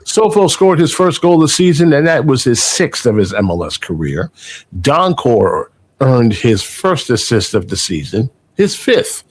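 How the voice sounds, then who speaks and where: A man's voice: medium pitch, big pitch swings, unhurried, breathy edge. Male podcast host, mid-range voice, casual, rambling, filler-heavy stat reading. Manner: rambling, full of fillers and restarts while reading stats. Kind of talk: casual sports podcast chat.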